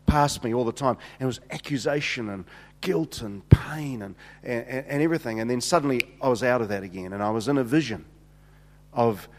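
Middle-aged preacher in an echoing hall. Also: male voice, mid-range voice, fairly quick. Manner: animated, acts out the dialogue, repeats himself. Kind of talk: sermon storytelling. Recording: long hall reverb.

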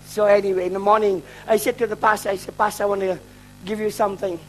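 A man's voice: high voice, flat delivery, fast, a little hiss or hum, poor audio. A middle-aged man from Malaysia, a traveling preacher telling a testimony in his sermon. He jokes and mocks himself. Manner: joking, self-mocking storyteller who laughs at his own lines.

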